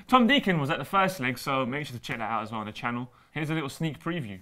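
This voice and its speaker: A young man, co-hosting a football chat show in a quick, playful, teasing way. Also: medium pitch, lively intonation, pushed and bright. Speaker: co-host. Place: indoor studio seated on chairs.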